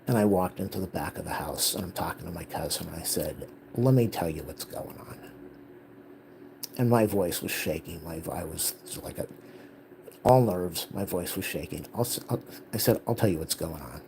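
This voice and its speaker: A man's voice: low voice, vocal fry, a little mellow, slight background noise, poor audio. A man telling a personal life update, heatedly retelling a family conflict and quoting the people involved. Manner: emotional, retelling family conflict with quoted dialogue. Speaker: vlogger.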